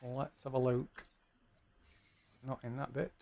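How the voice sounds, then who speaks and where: A man running a tabletop game as game master, narrating with many pauses, ums and restarts. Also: mid-range voice, level tone, creaky, warm tone, a little hiss or hum.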